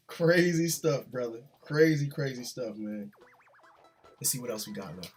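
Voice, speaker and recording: A man's voice: mid-range voice, expressive, unhurried, faint music behind. A man who is an army drill sergeant, vlogging from his gaming chair at home in a loose, chatty way. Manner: loose and chatty, often tags "man" and "bro". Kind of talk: casual reaction vlog.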